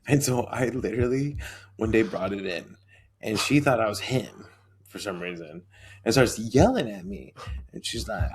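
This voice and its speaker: A man's voice: on the low side, expressive, normal speed, slight background noise. A man co-hosting a casual podcast, telling stories with lots of swearing and acted-out quotes. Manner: storytelling, acts out quotes, swears freely. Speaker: podcast co-host. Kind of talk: casual chat.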